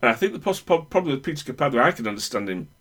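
A man's voice: mid-range voice, very animated, rapid-fire, fairly bright tone, husky. A man with a northern English accent in casual chat, rambling and opinionated with many restarts. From Northern England.

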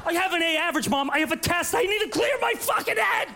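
Man putting on a sulky whiny teen boy, high-pitched, noisy stage sound. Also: animated, fast, vocal fry, exaggerated voice. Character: whiny entitled teenage boy.

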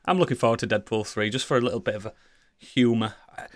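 A man's voice: mid-range voice, quick pace, dry recording. A man with a Yorkshire accent co-hosting a casual podcast chat, laughing often and swearing freely. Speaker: podcast co-host.

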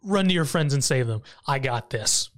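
A podcaster briefly voicing a stern, protective male warrior while retelling a scene, a bit lower than their usual voice. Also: animated, normal speed, natural voice. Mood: determined.

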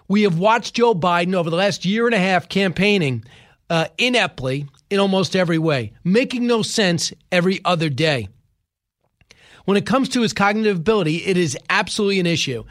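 Male commentary host, high pitch, emphatic, talks in rhetorical questions. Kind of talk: opinionated political commentary.

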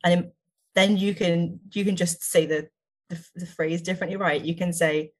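A woman's voice: fairly low pitch, fairly even intonation, moderate pace. A woman improv performer being interviewed, chatting eagerly and laughing often. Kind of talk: casual chat.

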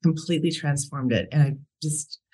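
A woman's voice: low voice, moderate pace, warm tone, slightly rough. A woman, a podcast guest, telling a heartfelt personal story about her brother and often laughing between sentences.

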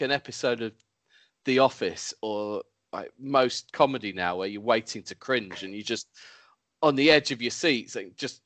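A man hosting a relaxed panel chat, his pitch rising and falling with lively energy. He teases his guests and laughs a lot. The sound is dry and close. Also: no room sound. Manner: lively, laughs often, teasing. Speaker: host.

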